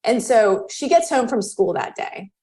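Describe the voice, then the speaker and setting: A woman in her thirties, a podcast guest, telling a personal story in casual chat and acting out the quoted voices with lively jumps in pitch. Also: measured pace. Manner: animated, acts out quoted dialogue with pitch jumps.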